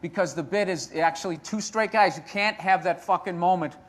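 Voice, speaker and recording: A man in a casual conversation, animated and profane, acting out quotes as he talks. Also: sits high, brisk.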